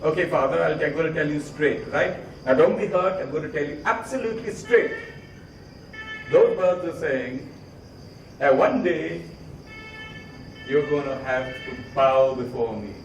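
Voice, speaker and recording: Man doing a calm farmer's son. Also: on the high side, measured pace, long pauses, slight background noise. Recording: roomy, distant mic.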